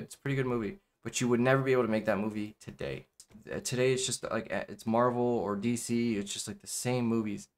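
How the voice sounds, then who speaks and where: A man giving casual let's-play commentary, rambling with lots of fillers and repeated "okay.". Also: mid-range voice. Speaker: gameplay commentator.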